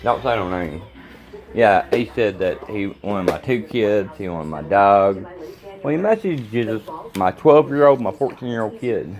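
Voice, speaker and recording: A man's voice: fairly low pitch, animated, unhurried, a little mellow. A middle-aged man, ranting angrily and repetitively to the camera. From Kentucky. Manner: agitated, repetitive, plain-spoken. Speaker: vlogger. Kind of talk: angry rambling rant to camera.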